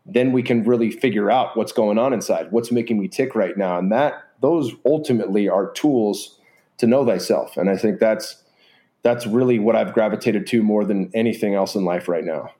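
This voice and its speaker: A man's voice: lowish voice, moderate pace, mellow. A man talking in a casual, earnest way as a podcast guest, rambling with many fillers. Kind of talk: casual reflective conversation.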